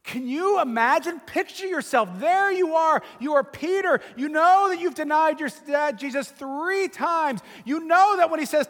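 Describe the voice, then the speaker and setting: A man preaching a sermon, telling the story dramatically and acting out the voices, building to shouts. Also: very high voice, big-room sound. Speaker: pastor.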